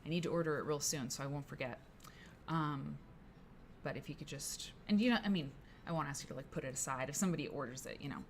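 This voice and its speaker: A woman with a fairly low voice hosts a laid-back co-working stream from her office. She rambles chattily and greets viewers by name, with a faint hum behind her. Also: fast, gravelly. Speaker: live-stream host. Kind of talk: casual co-working stream chat. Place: her office, late at work.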